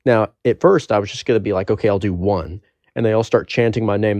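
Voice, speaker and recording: Low-voiced young man telling a wild story. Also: a little fast, no echo, lo-fi sound. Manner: rambling, profane, animated storytelling. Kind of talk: casual storytime monologue.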